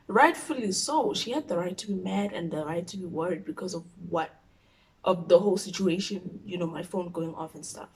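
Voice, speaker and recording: A South African woman telling a personal story on her vlog, animated, dropping to a whisper when she quotes her own thoughts. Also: mid-range voice, fairly quick, poor audio. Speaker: YouTuber.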